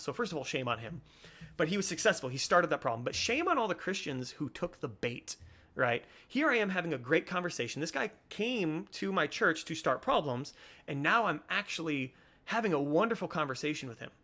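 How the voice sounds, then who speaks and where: A man's voice: on the high side, pushed and bright. A young man hosting a podcast, talking earnestly and a bit preachily, often restarting his sentences. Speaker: podcast host. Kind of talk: casual commentary.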